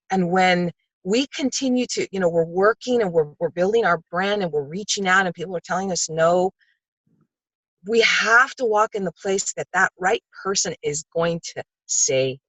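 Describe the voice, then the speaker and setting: An older woman talking on a video call, sharing a personal story in a heartfelt, animated way. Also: on the low side, no room sound, rough recording. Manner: heartfelt, animated storytelling, acts out quoted voices. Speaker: book club participant.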